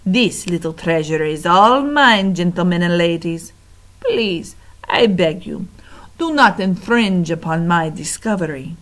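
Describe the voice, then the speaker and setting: A woman voicing a sly, scheming male rat who gloats in a slow, low murmur. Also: animated, fairly bright tone. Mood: wheedling.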